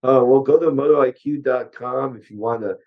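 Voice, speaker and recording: An older man, a car engineer, chatting bluntly and ramblingly as an interview guest, his voice hoarse. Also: medium pitch, fairly quick, narrow, tinny audio. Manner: blunt, rambling, with many fillers. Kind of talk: casual interview chat.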